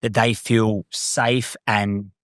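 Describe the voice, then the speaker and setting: A man hosting a podcast, asking the guest probing follow-up questions in a relaxed conversational way. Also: fairly low pitch, extremely slow, dry recording, studio quality. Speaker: podcast host.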